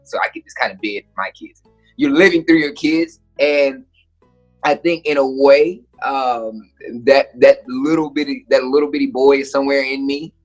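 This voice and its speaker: A young adult man, a comedian, telling stories in a casual interview, lively and acting out the people he quotes. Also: mid-range voice. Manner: animated storyteller, acts out quoted voices. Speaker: comedian and guest.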